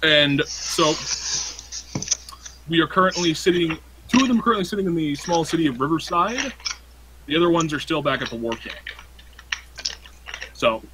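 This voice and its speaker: A man's voice: fairly high pitch, animated, normal speed, pauses often, noisy background. A young man acting as game master, recapping a tabletop campaign in a laid-back, profane, joking way. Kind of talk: casual tabletop game narration.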